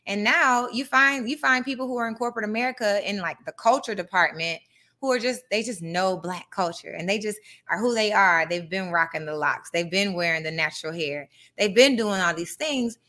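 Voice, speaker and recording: Woman, young adult, podcast host, live monologue, bright voice, animated conversational delivery. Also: medium pitch, brisk. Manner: animated, conversational, reads passages aloud.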